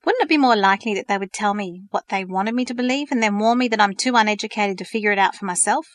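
A woman's voice: medium pitch, fast talker, no room sound, clean studio sound, natural voice. A woman voicing an earnest, thoughtful teenage girl in a storybook reading, asking pointed questions.

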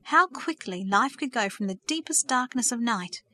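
A woman narrating a story aloud in a steady, expressive manner. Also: on the high side, normal speed, no echo.

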